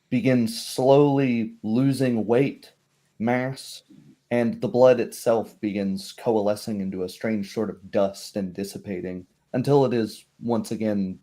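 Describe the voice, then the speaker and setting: A man narrating a tabletop game as game master, measured and descriptive. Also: lowish voice, fairly even intonation, dark tone.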